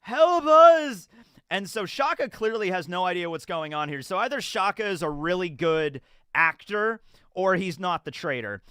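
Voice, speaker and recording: Man, high lively voice, bright and clear, rambling live reaction, self-correcting. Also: normal speed, dry recording, studio quality. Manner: rambling, self-correcting, bursts into acted character lines. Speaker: reaction channel host. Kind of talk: live manga chapter reaction.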